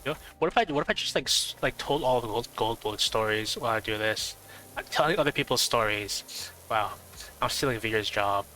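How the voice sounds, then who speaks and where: A man with a nasal voice chatting casually on a stream, rambling and thinking out loud with lots of fillers. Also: mid-range voice, fairly quick, a little hiss or hum, rough recording.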